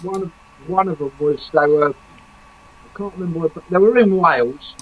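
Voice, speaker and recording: A man's voice: a little high, normal speed, narrow, tinny audio. A man from England co-hosting a casual live chat, asking questions and passing on news. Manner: chatty, asks questions, tells news. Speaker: co-host.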